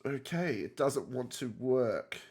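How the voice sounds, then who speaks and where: A man's voice: mid-range voice, lively intonation, slow pace, a little mellow, breathy edge. A man with a nasal voice, sick with a cold, giving casual, rambling gameplay commentary that often corrects itself. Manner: rambling, self-correcting, chatty. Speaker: gaming content creator.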